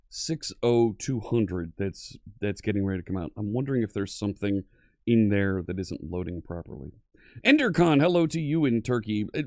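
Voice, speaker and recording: A man's voice: lowish voice, a little mellow, dry recording, clean studio sound. A man hosting a live-streamed coding lesson, upbeat and friendly, greeting viewers one by one from the chat. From Pennsylvania.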